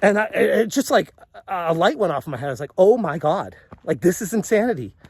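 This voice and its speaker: Exasperated high-voiced man ranting. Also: big pitch swings, brisk, a little hiss or hum. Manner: exasperated, rambling with restarts. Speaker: vlogger. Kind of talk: storytelling commentary.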